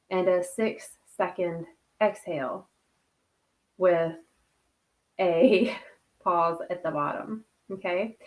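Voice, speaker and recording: A woman hosting a casual livestream who greets viewers by name, laughs often and leads a soft guided breathing meditation. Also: medium pitch. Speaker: host.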